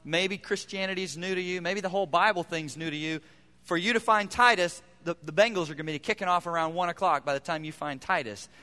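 Emphatic pastor, bright voice in a church hall. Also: male voice, sits high, fairly quick. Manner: emphatic, repeats phrases for effect. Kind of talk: sermon. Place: church sanctuary.

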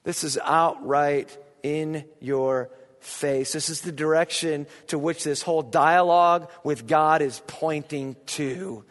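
High-voiced man preaching with shouts. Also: slow. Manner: animated preacher, bursts into shouts. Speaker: pastor. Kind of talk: sermon. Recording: long hall reverb.

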